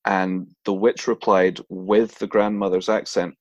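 The voice is a man's, fairly low and recorded close and dry with almost no room sound. He co-hosts a podcast, telling a folklore tale in a loose, chatty way and breaking into laughter and jokey voices. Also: flat delivery, unhurried, dry recording, dull audio. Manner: laughs often, acts out voices, swears casually. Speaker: podcast co-host. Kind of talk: casual storytelling chat.

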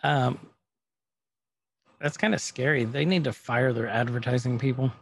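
A man's voice: mid-range voice, normal speed, gravelly, slight background noise. A man casually recapping a TV episode on a podcast, retelling scenes and quoting the characters as he goes. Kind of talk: casual chat.

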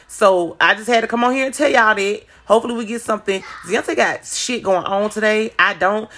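A woman's voice: mid-range voice, fairly bright tone. A woman hosting a podcast on her own, chatting casually with listeners and telling stories in a blunt, profane, rambling way. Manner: addresses listeners directly. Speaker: podcast host. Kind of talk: casual solo podcast chat.

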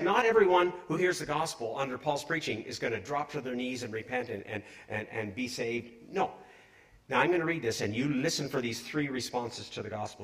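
A middle-aged man preaching a sermon in an animated, conversational way, asking his congregation questions. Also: medium pitch.

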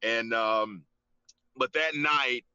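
Man, interview guest, bright voice, halting restarts, dry lo-fi sound. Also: medium pitch, clean tone, dry recording. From Georgia, US. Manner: halting, many restarts and fillers, says "man" often. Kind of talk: casual testimony in an interview.

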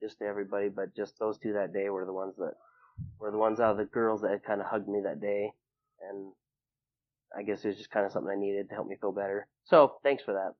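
A man's voice: on the low side, level tone, quick pace, dry recording, narrow, tinny audio. Young man telling a rambling personal story. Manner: rambling, filler-heavy, acts out quoted people in a raised voice. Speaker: interview guest. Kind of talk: personal storytelling in casual conversation.

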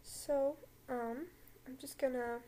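A high-voiced young woman hosts a casual podcast from home, rambling with plenty of fillers and giggles. Her speech stays chatty and loose as she gets ready to read a story aloud. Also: steady tone, takes it slowly, mellow, slight background noise, poor audio. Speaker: podcast host. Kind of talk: casual chat and reading aloud. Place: home room with a dog.

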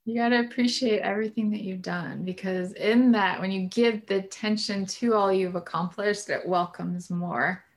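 Woman in her thirties, podcast co-host, creaky voice, reflective casual chatter. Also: medium pitch, fairly even intonation, normal speed, hardly any pauses. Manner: reflective, musing, trails off mid-thought. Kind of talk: casual chat.

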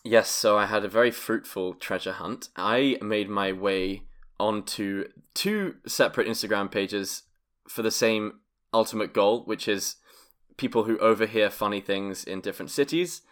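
A man's voice: on the low side, normal speed, a bit bright. Playful man with wordy phrasing. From London, England. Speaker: podcast co-host. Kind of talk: casual chat.

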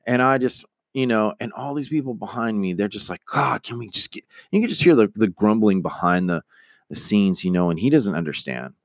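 A man with a low voice tells a long, rambling personal anecdote, slipping into the voices of the people in it and swearing freely. His voice is recorded dry and close, with no room sound. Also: a little fast, no echo. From United States. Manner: rambling, animated, acts out quoted voices; swears casually. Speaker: storyteller. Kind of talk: casual spoken anecdote.

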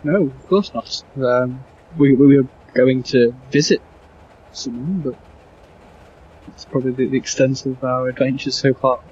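A man's voice: medium pitch, steady tone, measured pace, a little mellow, slight background noise. A man playing a character in a tabletop role-playing game, speaking politely and a little hesitantly. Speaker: player. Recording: dull lo-fi sound.

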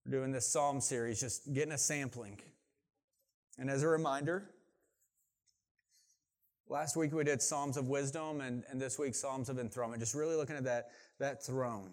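A pastor preaches a sermon in a mid-range voice at a moderate pace, pausing often. He is animated, and when he reads scripture aloud his volume and pace climb with rising force, then he drops into casual asides to the congregation.

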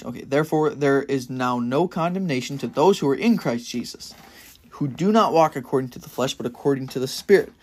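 A young man giving a casual, earnest Bible-study sermon as a podcast preacher, getting louder in bursts of excitement. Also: mid-range voice, fairly quick. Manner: earnest and enthusiastic, rising to loud bursts of excitement.

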